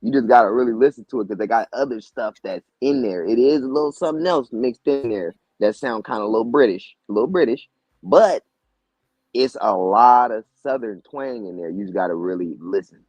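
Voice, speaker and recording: A man speaks in a relaxed, slangy conversational way. His voice is husky and grainy. The audio is dull and lo-fi, with a dry, close sound. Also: mid-range voice, brisk, dry recording. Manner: slangy, laid-back talk with laughs. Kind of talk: casual chat.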